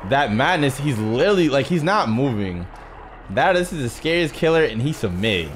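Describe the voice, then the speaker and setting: A man's voice: mid-range voice, sing-song, normal speed, background noise. A young man doing nervous let's-play commentary, swinging between muttered self-talk and shrieks and cursing a lot. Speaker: gaming YouTuber. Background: game music.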